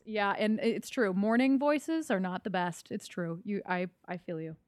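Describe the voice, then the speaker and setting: A woman's voice: mid-range voice, normal speed, a little mellow, no echo. Bubbly woman voice teacher, dry sound. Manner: bubbly, laughs easily. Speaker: voice teacher, guest. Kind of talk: casual interview chat. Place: music studio.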